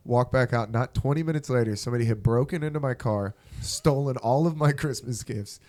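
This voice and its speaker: A man's voice: medium pitch, moderate pace, a little mellow. A young man telling stories on a podcast in a casual, profane, laughing way. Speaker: podcast co-host. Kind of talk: casual chat.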